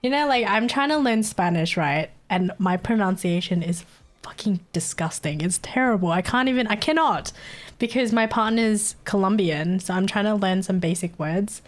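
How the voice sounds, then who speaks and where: A woman's voice: medium pitch, moderate pace. An Australian woman chatting casually on a live stream, giggling constantly and swearing freely. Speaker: livestreamer.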